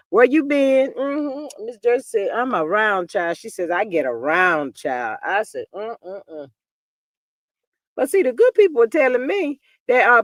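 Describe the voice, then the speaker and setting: A man's voice: high voice, a bit bright, no echo. A man hosting a livestream, reading chat and gossiping in a sassy, drawling way and calling everyone "child". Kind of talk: casual gossip commentary reading live chat.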